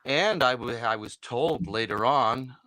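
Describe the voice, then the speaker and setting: A man's voice: medium pitch, lively intonation, a little slow, a loud crowd, low-quality recording. A man who does voice work, telling anecdotes in a casual reunion chat from his home studio, with frequent restarts. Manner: anecdotal, many restarts, slips into impressions. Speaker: voice actor guest. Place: home recording setup. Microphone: home studio microphone.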